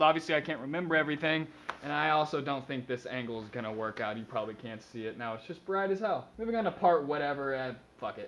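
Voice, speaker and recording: A man's voice: a little high, a bit bright. A young man vlogging to camera, telling a rambling story in a casual, profane way with lots of asides.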